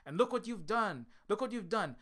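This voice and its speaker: A man's voice: sits high, animated, normal speed, a bit bright. A man voicing a sulking, self-pitying immortal dream lord, his complaints whiny and aggrieved.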